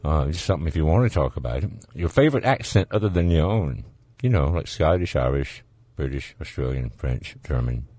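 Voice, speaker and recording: A man's voice: very deep voice, expressive, a little fast, few pauses, mellow, no room sound. A man with a Southern US accent hosting a call-in radio show, folksy and easygoing, laughing often. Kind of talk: casual call-in radio chat.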